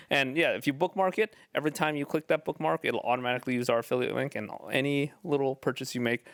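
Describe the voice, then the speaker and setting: A man's voice: mid-range voice, lively intonation, quick pace, few pauses, noisy background. Man co-hosting a casual podcast. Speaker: podcast co-host. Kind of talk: casual chat.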